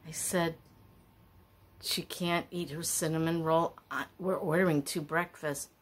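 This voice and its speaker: A middle-aged woman shares stories in a relaxed, rambling vlog. Her voice sits a little low and she takes her time, drifting into chatty asides. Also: a little slow. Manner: chatty, wandering, animated asides. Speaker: vlogger. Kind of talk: casual storytelling.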